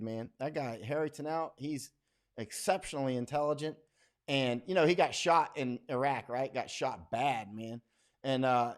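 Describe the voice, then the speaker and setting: A man, a war correspondent, hosting a casual livestream and reading out viewer comments in a rambling, folksy, blunt way with many asides. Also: mid-range voice.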